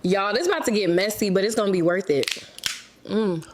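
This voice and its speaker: A woman's voice: medium pitch, fairly quick, music in the background. A woman in an AI-generated influencer clip, chatting to her viewers.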